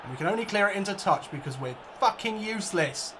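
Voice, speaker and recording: A man commentating his own football video game match like a broadcaster, jokey and prone to excited outbursts and swearing. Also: sits high, quick pace, background noise. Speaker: let's play gamer. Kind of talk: mock football commentary over gameplay.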